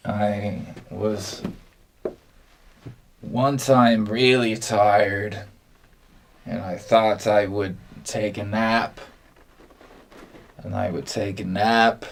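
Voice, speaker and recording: A man with a somewhat low voice tells a meandering comic story at an extremely slow crawl. He halts often and leaves long gaps between phrases. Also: vocal fry. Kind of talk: rambling comic monologue.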